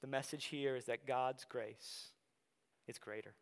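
A young man from Wisconsin with an Upper Midwest accent, preaching a sermon in a conversational way, often dropping soft for emphasis. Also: mid-range voice, steady tone, measured pace. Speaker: pastor. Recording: long hall reverb.

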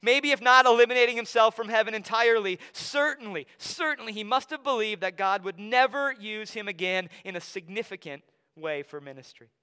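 A young man from Wisconsin with an Upper Midwest accent, preaching a sermon in a conversational way, often dropping soft for emphasis. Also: sits high, a little fast, hardly any pauses, clean tone. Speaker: pastor. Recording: long hall reverb.

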